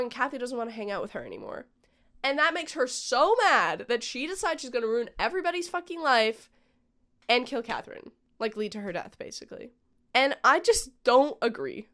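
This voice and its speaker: This female vlogger's fairly high, fairly bright voice carries her casual film review. She chats freely with firm opinions, dropping "like" and "um" often.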